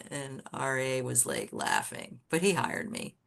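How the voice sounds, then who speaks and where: A woman guest on a podcast, telling candid stories about her design career in a blunt, swearing, animated way. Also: deep voice, normal speed, gravelly. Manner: animated storyteller who acts out quoted people. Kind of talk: casual storytelling interview.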